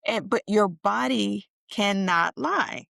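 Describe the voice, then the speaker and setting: A woman with a mid-range voice co-hosts a podcast. She is lively and chatty and often affirms her partner. The sound is close and dry. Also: medium pitch, slow pace, vocal fry, dry recording. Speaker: podcast co-host. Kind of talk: casual chat.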